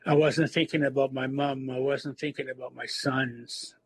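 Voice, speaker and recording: A man in recovery telling his personal story in a halting, reflective way, with many fillers and restarts. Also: medium pitch, flat delivery, breathy edge, low-quality recording. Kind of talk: personal testimony.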